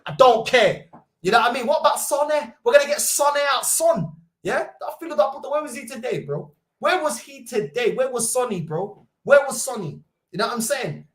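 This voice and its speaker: A young man, hosting a football fan livestream with loud, mocking banter and rapid-fire rhetorical questions. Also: very high voice, animated. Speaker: host. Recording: roomy echo.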